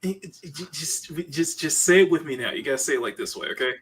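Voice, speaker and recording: A man hosting a relaxed livestream, chatting and greeting viewers by name. His voice is bright and a little husky, and he breaks into laughter often. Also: on the high side, fast talker. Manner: chatty, laughs often, reads chat aloud. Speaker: livestream host. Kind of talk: casual chat.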